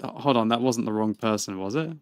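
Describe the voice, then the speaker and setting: A man, chatting and laughing through live gaming stream commentary, with excitable outbursts. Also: lowish voice, fast, clear, resonant tone. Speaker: game streamer.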